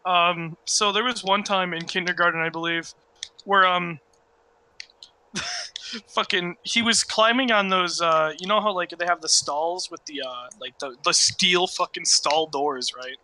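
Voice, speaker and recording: A young man telling childhood stories in casual chat, animated, laughing and swearing often. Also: sits high, measured pace, rough recording.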